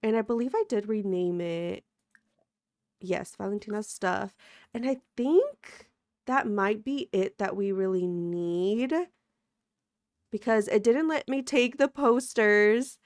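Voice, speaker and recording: A woman's voice: medium pitch, takes it slowly, a little mellow, no echo, clean studio sound. A woman hosting a let's play, chatty and giggly, talking to her viewers while sleepy and sick. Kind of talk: casual gameplay commentary.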